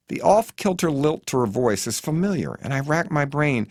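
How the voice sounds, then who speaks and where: A man's voice: fairly high pitch, moderate pace, dry recording, studio quality. An American man reading his own memoir as an audiobook, telling it in a wry, vivid way. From United States. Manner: wry, vivid storytelling with lively intonation. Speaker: author narrating his memoir.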